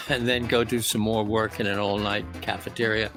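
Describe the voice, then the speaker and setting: A man's voice: on the low side, level tone, normal speed. A man, a music producer and author, answering interview questions in a reflective, storytelling way. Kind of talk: interview conversation.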